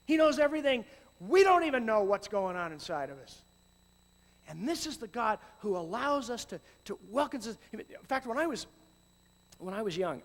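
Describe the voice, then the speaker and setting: A middle-aged man giving a talk on youth ministry, swinging from hushed, slow passages to loud, animated storytelling. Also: high-pitched. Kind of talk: conference talk. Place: large hall with audience. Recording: long hall reverb.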